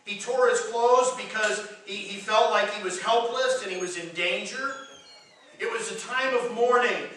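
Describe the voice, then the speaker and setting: A man preaches in a sermon, bringing a scripture story to life by acting out what its figures say. His voice sits high and bright. It rings through a very echoey hall, picked up from some way off the mic. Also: moderate pace, recorded from a distance, a little hiss or hum. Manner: retells scripture with dramatized quotes.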